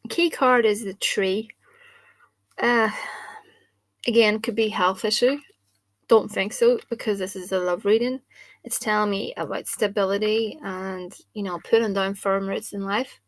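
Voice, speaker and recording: A woman talks through a card reading at a table indoors, chatty and informal as she thinks aloud. Her voice sits in a middle pitch with little rise and fall. The camera mic picks her up dry, with no room echo. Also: fairly even intonation, measured pace. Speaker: spell caster and card reader. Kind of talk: casual talk to camera.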